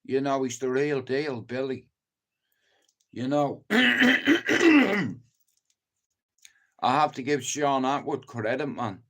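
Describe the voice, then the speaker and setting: A man's voice: mid-range voice, fairly even intonation, measured pace. A middle-aged man from Ireland hosting a livestream, telling rambling stories in casual chat and swearing a lot. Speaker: livestream host.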